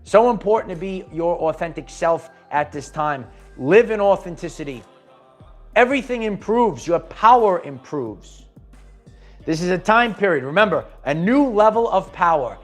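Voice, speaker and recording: A man's voice: high-pitched, animated, moderate pace, soft background music. Emphatic man giving a spiritual pep talk. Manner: repetitive, emphatic, restarts often. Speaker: spiritual channel host.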